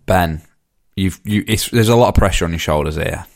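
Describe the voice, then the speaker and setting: Man, very low voice, wry podcast host. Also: brisk, vocal fry, a little mellow. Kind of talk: casual chat.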